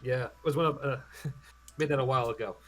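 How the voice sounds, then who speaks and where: A man's voice: medium pitch, a little fast, crowd noise, poor audio. Hesitant man running a tabletop game. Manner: hesitant, many ums and restarts. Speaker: game master.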